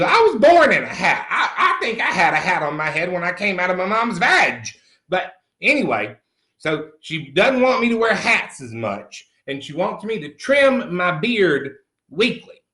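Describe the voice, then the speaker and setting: A man's voice: high-pitched, bright, forceful tone, heavily acted. A middle-aged man playing a crude, brash country man, cursing freely and calling everyone honey. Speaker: comedy character host. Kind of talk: improvised comic monologue. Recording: roomy echo.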